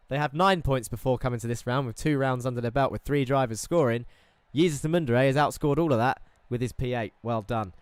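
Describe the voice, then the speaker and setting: A man's voice: fairly high pitch, smooth, no echo. A man commentating on an esports racing event, running through results and standings in a chatty, upbeat way with self-deprecating asides.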